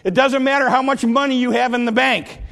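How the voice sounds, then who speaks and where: Male preacher, very high-pitched, fervent repetitive sermon delivery with bursts of shouting. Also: fairly even intonation, brisk, vocal fry.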